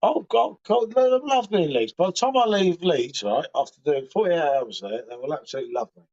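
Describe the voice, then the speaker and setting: A man swapping laddish, sweary banter over a beer on a livestream. His voice sits a little high for a man. The audio is dull and lo-fi. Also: animated, brisk, darkish tone. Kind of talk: casual chat.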